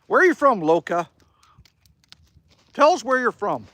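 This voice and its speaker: A Canadian man with a fairly high voice that swings widely in pitch, chatting casually on a livestream. He rambles and swears lightly as he talks to viewers from outdoors beside a fire. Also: big pitch swings, a little slow, a bit bright, a little hiss or hum. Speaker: livestream host. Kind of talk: casual live-stream chat reading viewer comments.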